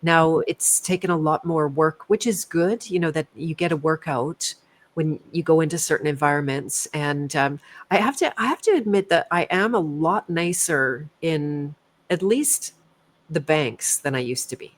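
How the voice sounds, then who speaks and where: A woman's voice: deep voice, lively intonation, moderate pace. A woman in casual conversation, telling stories in a reflective, self-mocking way with frequent restarts.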